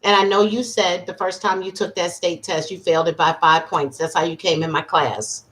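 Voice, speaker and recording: A sincere male professor, as a woman lowers her voice. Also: fairly even intonation, moderate pace, fairly bright tone, lightly acted. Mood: earnest. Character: encouraging male college professor, calm.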